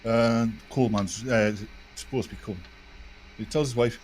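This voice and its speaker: A man telling long crude jokes in casual chat on an online call, rambling and animated. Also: mid-range voice, brisk, slight background noise. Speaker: podcast co-host.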